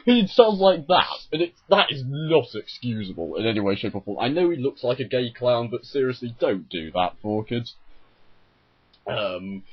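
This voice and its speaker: Exasperated husky man ranting. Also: medium pitch. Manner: exasperated, sarcastic, frequently self-correcting. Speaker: YouTuber reviewing an anime dub. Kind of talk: ranting video commentary. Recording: dull lo-fi home mic.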